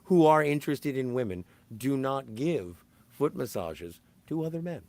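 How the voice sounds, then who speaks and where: A podcast co-host, male, talks at a normal pace in a medium pitch with no room sound. He recaps a film in casual chat, an animated storyteller who often corrects himself mid-sentence.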